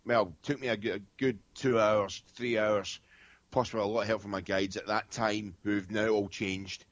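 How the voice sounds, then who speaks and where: A Scottish man telling stories in a rambling, stop-start way, full of fillers and restarts. His voice sits on the low side and is recorded dry and close. The sound is dull and lo-fi. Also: fairly even intonation, moderate pace, no echo. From Scotland. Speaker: guest medium. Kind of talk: casual podcast chat.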